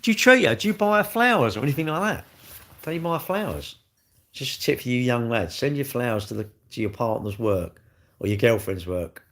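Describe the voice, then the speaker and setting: A middle-aged man rambles cheerfully through a casual livestream, reading out viewers' comments and firing back blunt, cheeky answers. His voice has a rough, gravelly edge, and his pitch sits in an ordinary middle range for a man. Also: expressive, brisk, fairly bright tone. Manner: chatty, bantering, reads viewer comments aloud and answers them. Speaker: livestream host.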